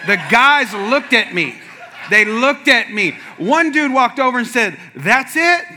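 A man preaching as a pastor, telling a funny personal story in a lively way and acting out the other people in it with sudden shouts. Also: very high voice, measured pace, slight background noise. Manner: animated, acts out quotes with sudden shouts. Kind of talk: humorous sermon storytelling.

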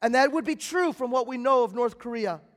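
A man preaching a sermon as pastor, swinging between loud emphatic bursts and quiet, low passages. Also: fairly quick. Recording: long hall reverb.

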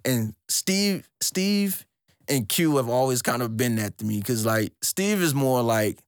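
A young man co-hosting a casual podcast, talking about music in an animated, profane way and leaping into a high excited voice when he quotes himself. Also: unhurried, no echo, studio quality. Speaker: podcast co-host.

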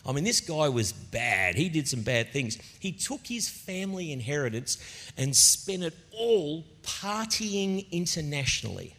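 A middle-aged man preaching a sermon as a pastor, telling stories in an animated, conversational way. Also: a little high, a little slow. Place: church auditorium. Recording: long reverb of a church hall.

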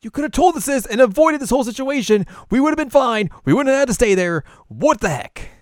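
A man voicing a young woman who scolds and pleads in a raised falsetto. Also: animated, measured pace, dark tone, clear, resonant tone, no room sound, clean studio sound, exaggerated voice. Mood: exasperated.

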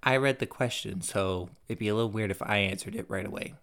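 A man's voice: on the low side, fast talker, a bit bright. A man co-hosting a casual podcast, with a dry, sardonic, teasing way of talking. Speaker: podcast co-host. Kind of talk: casual chat.

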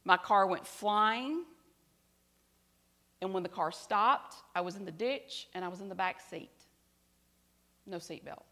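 A middle-aged woman, preaching a sermon and telling a personal story earnestly, her voice dropping soft and quiet at tender moments. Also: medium pitch, unhurried, long pauses. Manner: earnest storytelling, drops to soft quiet tones at emotional parts.

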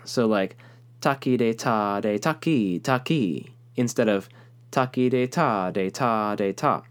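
A young man teaching a rhythm lesson, explaining calmly and speaking rhythm syllables aloud. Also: medium pitch. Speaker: music teacher.

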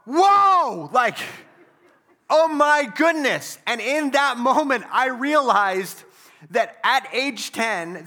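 A man preaching a sermon, telling a story casually and then building to loud, emphatic preaching. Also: very high voice. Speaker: pastor.

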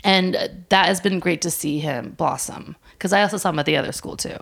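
Gravelly-voiced woman, laughing and lively. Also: fairly low pitch, a little fast. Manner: lively storyteller, laughs often, acts out children's lines. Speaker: preschool director, guest. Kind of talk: conversational interview.

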